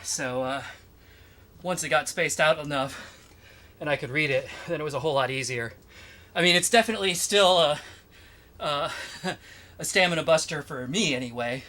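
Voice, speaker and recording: A man's voice: a little high, normal speed, pauses often, bright, forceful tone. Breathless man chatting after a dance game. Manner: breathless, laughing, many fillers. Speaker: gaming streamer. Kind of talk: casual gameplay commentary.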